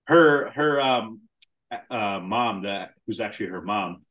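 A man's voice: on the low side, animated, slow, a bit bright. A man co-hosting a podcast, chatting casually about a film, swearing freely and laughing often. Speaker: podcast co-host.

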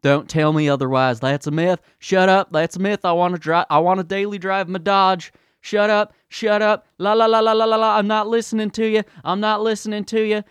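A man putting on a mocking caricature of a loud, stubborn conservative man, shrill and whiny. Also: fairly even intonation, moderate pace, hardly any pauses, clean tone, no echo.

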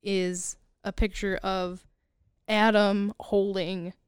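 Woman podcast co-host, smooth clear voice, dry close mic, chatty plot recap. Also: mid-range voice, takes it slowly, no room sound. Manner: animated storyteller, laughs often, quotes characters. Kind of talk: casual movie recap chat.

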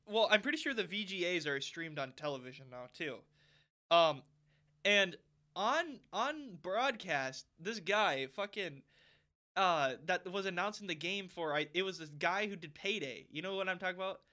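A young man co-hosting a podcast in casual chat, rambling with lots of fillers and getting loud when excited. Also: high-pitched, a little slow. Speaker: podcast co-host.

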